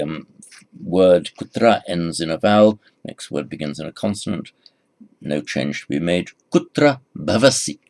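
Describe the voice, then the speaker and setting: A man teaching a Sanskrit lesson, slowly repeating each phrase for the learner. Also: low voice. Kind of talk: recorded language lesson.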